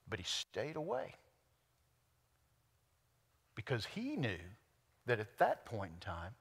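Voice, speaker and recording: Okie pastor man preaching, folksy, gets loud and excited, long church echo. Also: medium pitch, breathy edge. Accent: Oklahoma. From Oklahoma. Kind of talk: sermon.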